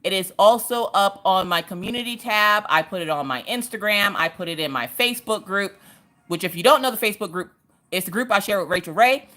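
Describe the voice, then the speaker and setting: A woman's voice: medium pitch, lively intonation, fairly quick, fairly bright tone. A woman, chatting casually with her livestream audience from her couch at home while she crafts, laughing often and greeting viewers by name. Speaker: livestream host.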